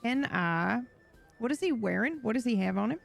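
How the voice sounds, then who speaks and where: Gravelly-voiced woman player. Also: a little high, normal speed, soft background music. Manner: playful, animated. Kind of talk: playing a tabletop game.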